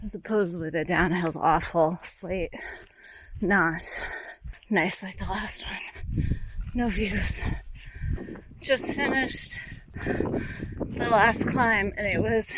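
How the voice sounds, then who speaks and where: A woman's voice: mid-range voice, very slow, long pauses, a bit bright, slight background noise, rough recording. A woman vlogging on a handheld camera while hiking and running a long mountain race outdoors. She rambles, sounds tired and swears bluntly. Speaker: vlogger recapping her ultramarathon. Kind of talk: breathless running vlog commentary. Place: outdoors on a foggy mountain trail. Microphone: handheld pocket camera.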